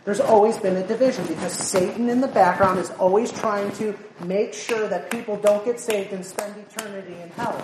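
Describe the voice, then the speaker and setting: A woman's voice: mid-range voice, brisk, few pauses. A woman preaching a sermon in an earnest way, often repeating words and quoting scripture in old-fashioned wording. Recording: echoey room, voice from far off, noisy.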